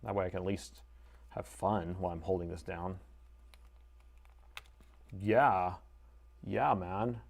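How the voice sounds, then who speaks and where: A man's voice: low voice, takes it slowly, creaky, long pauses. A man live-streaming laptop repair from his desk, chatting casually and reading viewer comments aloud, on a lapel mic. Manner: chatty, reads chat aloud, self-deprecating.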